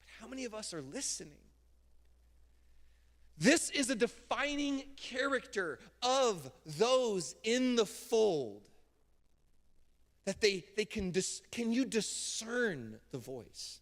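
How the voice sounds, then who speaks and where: A man pastor preaching a sermon from a church stage, casual and emphatic, with sudden loud bursts. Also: high voice, sing-song, takes it slowly. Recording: long hall reverb in a church.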